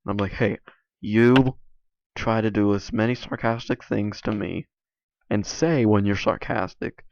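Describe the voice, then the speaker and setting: A man's voice: lowish voice, vocal fry, darkish tone, no echo. Young male vlogger, hesitant and filler-heavy, tired sore voice, lo-fi recording. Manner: hesitant, many restarts and "like" fillers. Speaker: YouTuber. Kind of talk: casual rambling vlog monologue.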